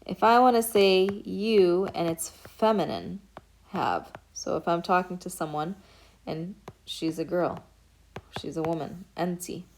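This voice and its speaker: A woman's voice: fairly low pitch, darkish tone, a little hiss or hum. A woman teaching a recorded beginner Arabic lesson, explaining patiently step by step and saying each word aloud as an example. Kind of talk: recorded lecture.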